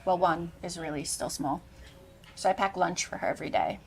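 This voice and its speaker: A woman's voice: on the low side, fairly quick, creaky, a little hiss or hum, poor audio. Upbeat woman hosting a cooking show. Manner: enthusiastic, tasting food on camera. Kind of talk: casual cooking show chat.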